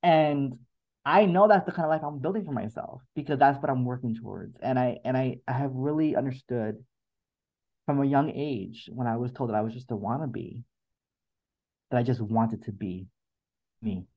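A man's voice: medium pitch, brisk. Earnest reflective man, slightly dull audio. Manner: earnest, reflective, repeats words as he thinks. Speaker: podcast guest. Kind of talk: emotional interview conversation.

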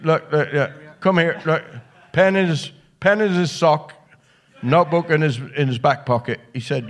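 A man's voice: on the high side, moderate pace. An older man in his sixties, a guest telling salty anecdotes with lots of swearing and restarts at a live show. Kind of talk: anecdotal storytelling.

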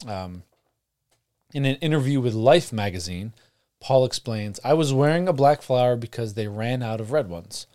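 A man's voice: medium pitch, moderate pace. Casual man co-hosting a podcast. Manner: relaxed, rambling with fillers and laughs. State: frog in his throat. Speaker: podcast co-host. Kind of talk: casual chat.

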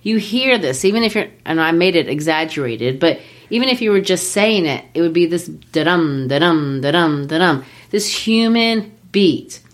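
A woman co-hosting a podcast explains a play with casual enthusiasm, tapping out rhythms aloud as she goes, in an informal chat about literature. Her voice sits on the low side and is expressive, at a normal speed with few pauses.

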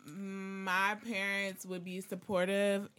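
A woman's voice: mid-range voice, monotone, fairly bright tone, clean tone. A woman answering hesitantly as a podcast guest. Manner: hesitant, slow.

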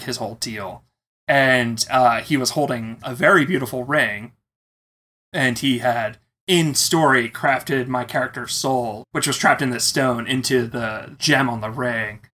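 A man recounting a personal story in a casual interview, animated and expressive as he tells it. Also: medium pitch, measured pace. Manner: animated, acts out quoted voices.

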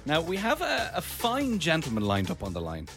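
Male radio co-host, teasing, quick to laugh, over a faint music bed. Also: on the high side, wildly swooping pitch, fairly bright tone. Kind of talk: casual radio banter.

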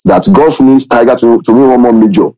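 A man co-hosting a sports podcast, making his points haltingly with many fillers and restarts. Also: medium pitch. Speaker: podcast co-host. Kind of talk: casual sports podcast chat. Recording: dull lo-fi sound.

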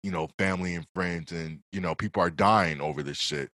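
A man in a casual conversation, speaking in a measured, earnest way as he makes his case. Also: deep voice, sharp tone, no room sound.

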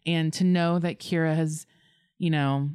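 Podcast guest, a woman and grandmother-to-be, emotional and gushing, lowish pitch, dry close sound. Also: steady tone, a little slow, a little mellow, clean tone, dry recording. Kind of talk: casual chat.

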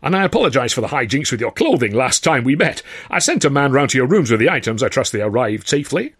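A man's voice: medium pitch, sing-song, fast, a bit bright, husky, dry recording, clean studio sound. A man reading an audiobook, voicing a burly, commanding theatre club president who speaks with assured graciousness. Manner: assured, gracious, holding court. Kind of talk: audiobook character voice.

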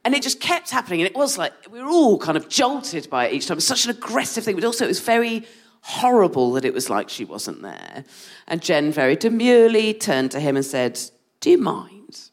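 A woman's voice: on the low side, a little fast. A woman co-hosting a comedy show, telling a story live and laughing through it. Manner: animated, laughing through the anecdote. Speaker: podcast co-host.

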